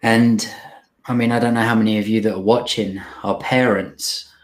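An earnest young man shares his own story with a slightly low voice. He pauses, restarts and fills gaps as he goes. He sounds moved but keeps talking. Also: steady tone. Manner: earnest, halting, frequent restarts and fillers. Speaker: speaker telling his recovery story. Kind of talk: emotional personal storytelling.

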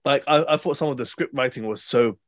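A young male podcast host tells long, rambling stories in casual chat, animated and full of fillers and restarts. His voice is medium in pitch and a little fast, with no echo.

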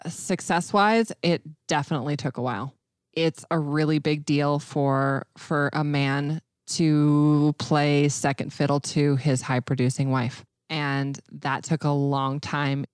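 A woman speaking candidly in a casual chat, self-deprecating and quick to laugh. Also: sits low, steady tone, darkish tone, smooth, dry recording, studio quality.

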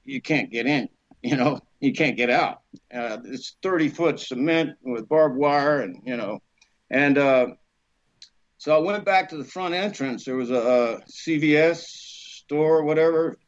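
A man, an actor guest, telling a lively anecdote, acting out voices and laughing often. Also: medium pitch, a little slow, highs cut off. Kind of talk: animated storytelling.

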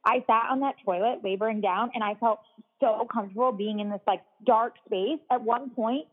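A woman's voice: a little high, moderate pace. Chatty woman on a tinny phone-like line. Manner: chatty, heavy use of "like" fillers, laughs often. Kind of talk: casual storytelling chat.

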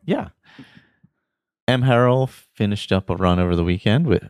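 A man hosting a casual podcast, reading out listener shout-outs in a relaxed, rambling way with many fillers. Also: on the low side, moderate pace, long pauses, no echo, clean studio sound. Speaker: podcast host.

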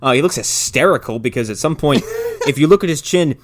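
A man's voice: on the high side, lively intonation, fairly quick. A man in casual podcast chat, recapping a film with lots of swearing and fillers. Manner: profane, rambling, fillers. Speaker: podcast co-host.

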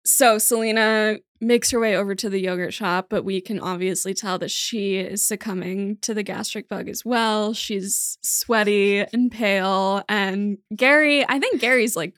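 A woman's voice: mid-range voice, measured pace, hardly any pauses, fairly bright tone, no echo, studio quality. A woman hosting a podcast in casual chat, talking loosely with many fillers. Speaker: podcast host.

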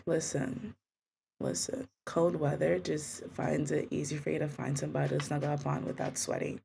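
A woman's voice: low-pitched, flat delivery, normal speed, creaky, dark tone, slight background noise. A young woman co-hosting a podcast in casual chat, her voice congested from a cold, joking and slangy. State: congested, sick voice. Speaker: podcast co-host.

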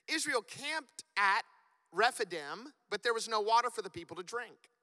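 A man preaching a sermon as pastor, animated and rising to loud, emphatic peaks. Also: sits high, normal speed. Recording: long reverb of a church hall.

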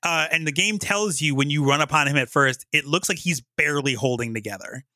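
A man with a bright, cutting voice walks a co-host through a game's story, animated and loose, full of "like" and restarts. His voice sits a bit high for a man and sounds close and dry, with no room around it. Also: a little fast, no echo. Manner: animated storytelling, many fillers. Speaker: podcast host. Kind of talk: casual chat.

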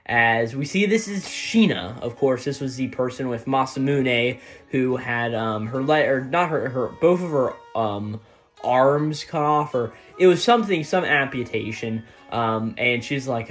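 Male reviewer, casual chapter recap, mid-pitched, loose and rambling, keeps tagging "right?", faint music under him. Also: lively intonation, moderate pace. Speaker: manga reviewer.

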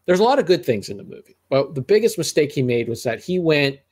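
This co-host is a middle-aged man who talks fast in a slightly high, sing-song, somewhat mellow voice. On the podcast he reviews films in loose, rambling conversation, often restarting and going off on asides.

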